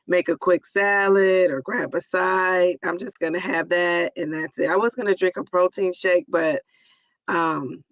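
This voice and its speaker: A hoarse, raspy woman in her forties hosting a live stream, chatting casually and greeting viewers by name. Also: on the low side, no room sound, low-quality recording. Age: 40s.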